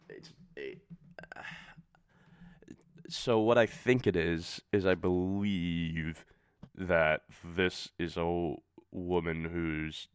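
A man's voice: deep voice, clear, resonant tone, no room sound, clean studio sound. A man reading fan fiction aloud, breaking off for sarcastic, swearing asides. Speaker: reader.

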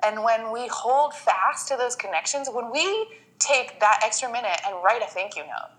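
A woman talking as a podcast guest with a bright, forward tone. She tells her story with feeling and slips into acted-out quotes of herself and others. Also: fairly high pitch, animated, moderate pace, poor audio. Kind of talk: casual interview chat.

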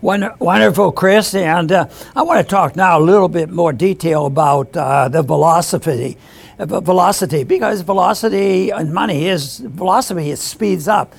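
An older man hosting an economics talk, speaking haltingly with restarts and throat clearing. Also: sits high. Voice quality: gravelly, husky. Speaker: host. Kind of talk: economics commentary.

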